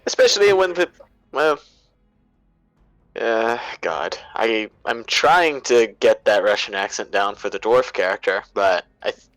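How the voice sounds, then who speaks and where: A man's voice: on the low side, a little slow, fairly bright tone, no room sound, rough recording. A man chatting casually as a player after a tabletop game, joking around. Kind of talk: casual chat.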